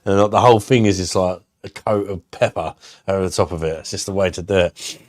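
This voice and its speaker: A man chats loosely on a live stream. He is blunt, swears freely and laughs often, in a very deep, low voice. The sound is close and dry. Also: fast talker, no room sound. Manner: blunt, sweary and laughing, reads chat aloud. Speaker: beer reviewer hosting a live stream. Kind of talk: casual live-stream chat.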